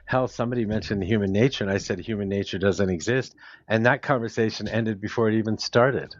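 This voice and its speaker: A man's voice: lowish voice, fairly quick, no room sound. A man hosting a casual group audio chat, talking bluntly and swearing now and then. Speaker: host of a live audio panel. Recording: dull lo-fi audio.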